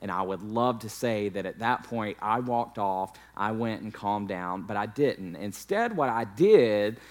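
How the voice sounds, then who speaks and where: A man's voice: fairly low pitch, expressive, measured pace, darkish tone. A man in his thirties, a pastor, telling a candid, self-deprecating personal story in a sermon.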